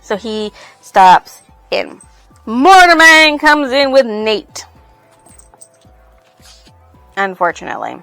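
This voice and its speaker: A woman's voice: on the high side, very animated, slow, vocal fry, fairly bright tone, clean tone, faint music behind. A woman reviewing a book on her channel, casually retelling its plot in a rambling way full of fillers.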